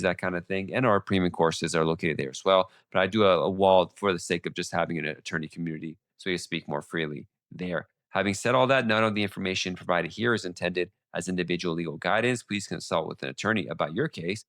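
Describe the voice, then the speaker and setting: A male podcast host with a sore throat, giving legal updates in a fast, casual monologue full of restarts and fillers. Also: low voice, fairly bright tone, no echo, clean studio sound.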